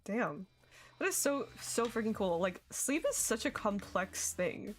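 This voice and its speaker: A woman's voice: medium pitch, expressive, measured pace. A young woman chatting casually and giggling while streaming a game. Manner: chatty, giggly, reacting to chat. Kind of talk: casual gaming stream chat. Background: faint music.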